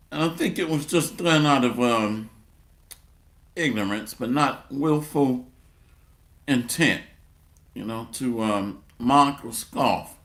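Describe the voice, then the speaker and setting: A man preaching a sermon, sarcastic and full of repeated refrains, shifting from low muttering to loud bursts and reading scripture aloud. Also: roomy sound.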